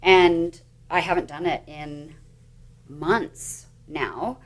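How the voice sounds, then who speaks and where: A middle-aged woman hosting a podcast, telling stories in an animated way and laughing at herself. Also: sits low, very slow. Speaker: podcast host. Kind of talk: casual podcast chat.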